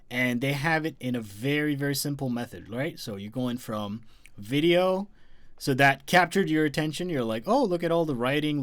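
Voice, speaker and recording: A man hosting a live marketing session, talking emphatically and repeating his key points with big swings in loudness. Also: medium pitch. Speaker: host.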